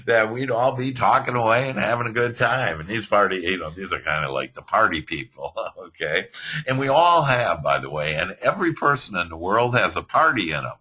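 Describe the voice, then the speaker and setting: A man teaching a motivational seminar to a class, rambling and animated, laughing often. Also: on the low side, moderate pace, husky. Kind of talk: motivational lecture.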